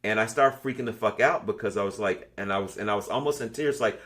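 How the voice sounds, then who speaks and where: Fast and fairly bright with a lowish pitch, a man in his 60s runs an online spiritual class. He talks casually and bluntly, swearing without restraint while telling stories.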